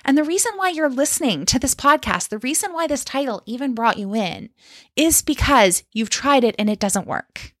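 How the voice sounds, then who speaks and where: A woman coaching her listeners in a solo podcast, upbeat and direct, often asking "okay?" or "right?" to keep them with her. Her voice sits a little high. The sound is close and dry. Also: expressive, normal speed, no room sound. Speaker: life coach. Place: lives in Canada.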